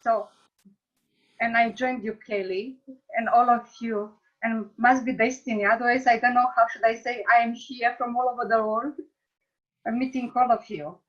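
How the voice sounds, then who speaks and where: A woman from Romania gives an emotional testimonial over a video call, halting and searching for her English words. Her audio is a little dull and muffled. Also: fairly high pitch, steady tone, a bit bright. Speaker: class participant.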